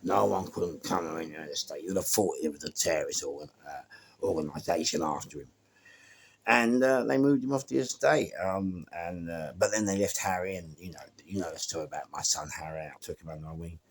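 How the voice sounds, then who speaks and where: A man with a London accent telling a lively, slangy story and acting out what people said. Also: deep voice, fairly quick, gravelly, slight background noise. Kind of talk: casual spoken anecdote.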